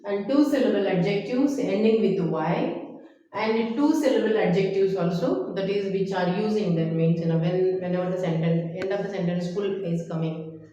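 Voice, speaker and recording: A woman's voice: mid-range voice, normal speed, dark tone. A woman teacher, going through a grammar lesson and repeating word lists. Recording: echoey room, dull lo-fi sound.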